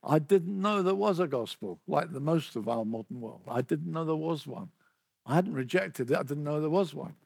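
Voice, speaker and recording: A man's voice: a little high, lively intonation, normal speed, gravelly, darkish tone, slightly rough, dry recording, clean studio sound. An older man preaching a sermon, telling his story earnestly and often restarting his sentences.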